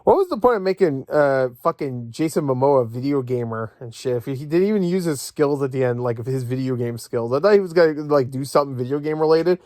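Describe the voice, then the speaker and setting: A man's voice: mid-range voice, lively intonation, quick pace, few pauses, darkish tone, no echo, studio quality. A young man ranting about a movie from bed, sarcastic, profane and rambling. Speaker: movie vlogger. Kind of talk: casual rant. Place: at home in bed.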